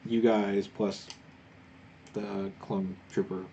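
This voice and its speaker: Laid-back guy running a tabletop rpg, slow and mellow, kinda dull lo-fi sound. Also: on the low side, little pitch movement, creaky, slight background noise. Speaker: game master. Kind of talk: narrating a tabletop game.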